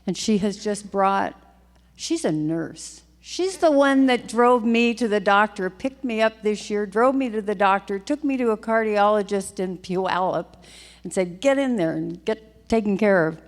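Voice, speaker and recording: A woman's voice: medium pitch, lively intonation, measured pace. An older woman, a state legislator, giving a heartfelt, emotional farewell speech on the chamber floor, often repeating her phrases. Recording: long hall reverb.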